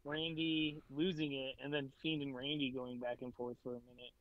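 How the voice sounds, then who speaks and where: A man's voice: mid-range voice, little pitch movement, moderate pace, narrow, tinny audio, a crowd in the background. A man co-hosting a podcast in casual, laid-back chat, laughing easily. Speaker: podcast co-host.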